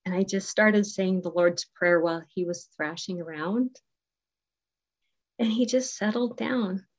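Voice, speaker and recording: A middle-aged woman speaking at a recovery group meeting, sharing her personal story in a heartfelt, conversational way with many ums and pauses. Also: medium pitch. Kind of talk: personal testimony share. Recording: dull lo-fi recording.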